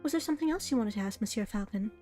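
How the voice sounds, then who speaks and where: A woman voicing a young, naive noble girl who is a cat, high and chirpy. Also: lively intonation, rapid-fire, soft background music, natural voice. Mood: sweet, chirpy. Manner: bright, chirpy and polite.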